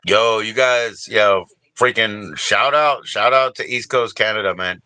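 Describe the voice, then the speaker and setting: A man's voice: lowish voice, a little slow, bright, forceful tone, dry recording. An older man hosting a casual livestream, rambling and laid-back, reading out viewers' names and chatting with them. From Washington DC area, US. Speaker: livestream host.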